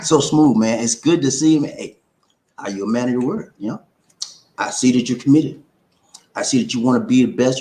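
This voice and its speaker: A man's voice: mid-range voice, reverberant, rough recording. A man hosting a casual live show, playful, chanting call-and-response lines and slipping into rhymes. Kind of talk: casual live-stream chat.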